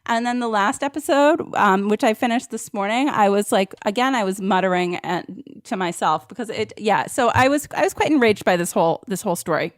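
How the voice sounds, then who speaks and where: A woman co-host chatting casually and telling an animated story, acting out her own reactions. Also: medium pitch, a little fast, hardly any pauses, no echo, studio quality. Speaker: podcast co-host. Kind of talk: casual chat.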